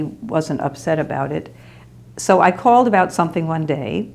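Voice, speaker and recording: A woman's voice: deep voice, creaky, darkish tone. A woman in her sixties or older who reminisces in rambling, anecdotal stories with small laughs. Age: 60s or older. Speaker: storyteller. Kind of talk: reminiscing oral history.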